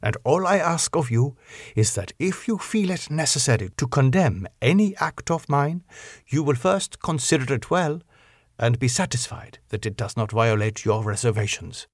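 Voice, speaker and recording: A man voicing a grave elderly professor who speaks in a solemn, measured, formal way, for an audiobook. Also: mid-range voice, animated, dry recording, studio quality, pitched above the performer's own voice, close to an everyday voice.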